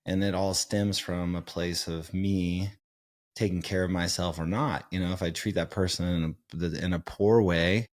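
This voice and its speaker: A man's voice: low-pitched, moderate pace. A man in his forties co-hosting a podcast, chatting casually and telling rambling stories full of fillers. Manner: relaxed, rambling storyteller with many fillers. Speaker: podcast co-host. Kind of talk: casual chat.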